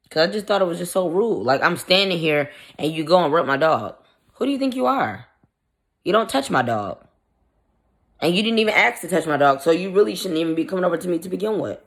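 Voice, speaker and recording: A woman's voice: on the low side, gravelly. A woman vlogger casually telling a story in a blunt, profane, irritated way, acting out the quoted dialogue. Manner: animated, acts out the quoted dialogue.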